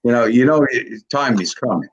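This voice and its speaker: A man in his sixties with a gravelly voice, rambling and swearing constantly in casual chat. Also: medium pitch, expressive, moderate pace, muffled recording, slight background noise. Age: 60s. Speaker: video creator on a live call.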